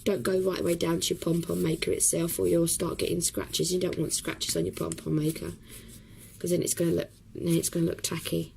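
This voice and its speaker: A woman with a hoarse, croaky voice from a cough, explaining a craft project step by step in a chatty way with many pauses. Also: lowish voice, level tone, a little mellow, a little hiss or hum, poor audio. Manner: chatty, talks while working, many ums. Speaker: craft tutorial host. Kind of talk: casual craft tutorial.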